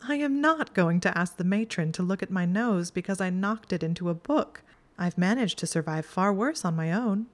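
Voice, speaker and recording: A woman's voice: lowish voice, lively intonation, normal speed, close to an everyday voice. A woman voicing a clever, bookish young witch in a fan fiction reading, prim and matter-of-fact. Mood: exasperated.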